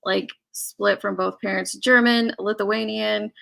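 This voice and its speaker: A woman's voice: medium pitch, fairly even intonation, a little slow, vocal fry, pushed and bright. A woman from Illinois hosting a casual live-stream chat, chatty and laughing often as she reads out viewer messages. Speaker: host.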